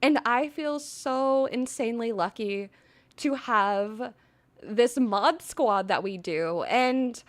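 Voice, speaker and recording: A young woman hosting a live stream, chatting casually and gushing effusively, swinging between loud excitement and soft earnest talk. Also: fairly high pitch, slow. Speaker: livestream host.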